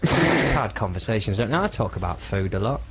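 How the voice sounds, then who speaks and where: A man's voice: on the low side, very animated, a little fast, heavy background noise. A man co-hosting a radio show, chatting casually with dry, self-deprecating humour. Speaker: radio co-host.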